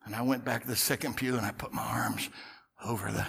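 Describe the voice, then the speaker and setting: A middle-aged male pastor telling a story in a sermon, swinging from loud outbursts to hushed whispers. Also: medium pitch, steady tone, a little fast, vocal fry, slightly rough.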